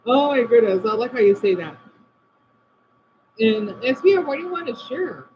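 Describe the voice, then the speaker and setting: A man talks casually to his live-stream viewers from home, his voice high and swinging widely in pitch. He answers comments one by one and lets his sentences drop away quietly. The audio is dull and lo-fi, with a faint background hiss. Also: very animated, moderate pace. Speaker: livestream host reading chat. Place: indoors at home by a window.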